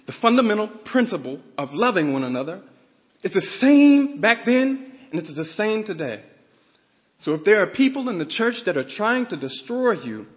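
A man preaching a sermon in a church, building up to fervent emphasis as he teaches from scripture. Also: fairly high pitch. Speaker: pastor. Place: church sanctuary. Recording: dull sound with long reverb.

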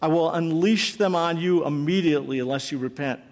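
Man doing a Roman proconsul, demanding and threatening, fairly high voice, long hall reverb. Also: a little fast, lightly acted. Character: stern, anxious Roman proconsul, male.

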